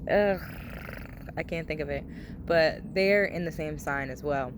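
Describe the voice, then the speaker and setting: A woman's voice: low-pitched, unhurried. Young woman vlogging, rambly and loose, swears a lot, lots of likes and ums, faint noise behind. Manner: rambling, swears freely, many fillers; open and confiding. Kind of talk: casual personal vlog talk.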